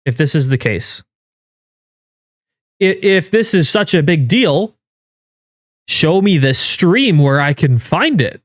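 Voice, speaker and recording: A man streaming live, reacting in casual commentary with incredulous, swearing outbursts that jump up in pitch. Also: sing-song, slow, pauses often, dry recording, clean studio sound. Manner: incredulous, swearing, rising to yelps of disbelief. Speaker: game streamer and YouTuber.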